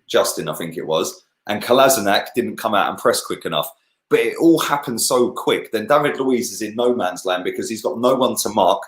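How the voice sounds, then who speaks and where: Animated slangy man, low voice. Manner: animated, slangy, swears freely. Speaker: football podcast co-host. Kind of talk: casual football chat.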